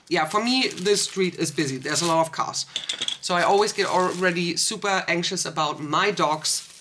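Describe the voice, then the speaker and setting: A woman's voice: on the low side, sharp tone, a little hiss or hum. A young woman vlogger telling a story in a rambling, emotional way. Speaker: small business owner and vlogger. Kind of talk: casual storytime vlog.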